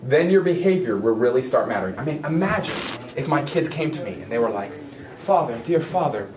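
A man preaching a sermon as a pastor, telling a story with lively acted-out voices of others. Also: mid-range voice, fast, crowd noise. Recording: echoey room from a distance.

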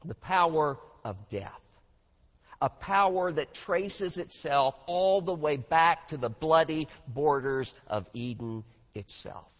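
Male pastor, emphatic slow sermon delivery, dull recording with long hall reverb. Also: high voice. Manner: dramatic, emphatic, swells in volume on key points. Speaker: preacher. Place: large church hall.

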